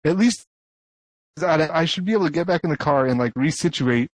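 Man, casual podcast chat, animated storyteller, fillers, slightly high voice. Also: fast talker, no room sound. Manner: animated storyteller, says "like" constantly.

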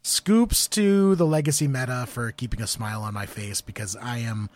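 A man's voice: medium pitch, normal speed, dry recording. Easygoing man joking on a podcast. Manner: relaxed, joking. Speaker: podcast co-host. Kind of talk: casual podcast chat.

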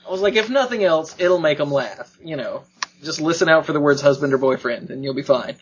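A man's voice: a little high, fairly quick, dull audio, slight background noise. A man telling a funny personal story in casual podcast chat, acting out the other people's lines and laughing often. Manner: animated, acts out quoted voices, laughs often. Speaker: podcast co-host.

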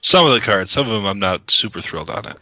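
A man with a very bright, forceful voice co-hosts a casual podcast, teasing and joking through the banter. The sound is dry and close, with a slightly dull lo-fi tone. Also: lowish voice, animated, fast, no room sound. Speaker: podcast co-host. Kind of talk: casual chat about card games.

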